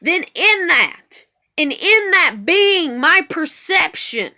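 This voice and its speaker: Woman, high pitched, bright and sharp tone, angry profane rant, repetitive emphasis, vlog monologue. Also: big pitch swings, slow. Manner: heavily profane, ranting. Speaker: vlogger. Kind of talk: emotional monologue.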